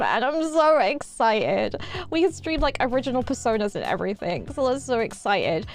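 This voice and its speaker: An excitable woman chats on a live stream, her voice sitting a little high. She rambles, repeats herself and giggles between thoughts. Faint music plays underneath. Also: normal speed. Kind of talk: casual livestream chat.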